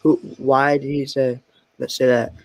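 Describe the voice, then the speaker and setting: A man chatting casually, rambling and circling back through his words. His voice sits at a middle pitch. The sound is dry, with no room around it. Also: little pitch movement, a little slow, no room sound. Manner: rambling, constant "like" fillers. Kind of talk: casual chat.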